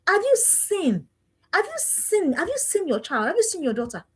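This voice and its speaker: A woman's voice: very high-pitched, sing-song, moderate pace. A woman giving an emphatic, preachy parenting talk with lots of repetition. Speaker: parenting coach.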